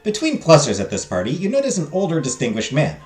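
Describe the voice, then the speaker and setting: With a slightly high, darkish voice that swings hugely in pitch, this man moves at a quick pace while reading a story game's narration on stream. He jokes playfully about his own character voices, laughing at them, and the room echoes faintly behind soft game music.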